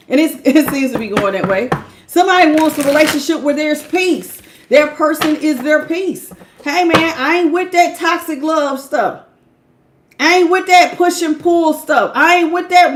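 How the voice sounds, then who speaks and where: Woman tarot reader, chatty, laughs a lot, slightly high voice, greets live viewers. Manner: lively, talkative, laughs often, calls viewers baby.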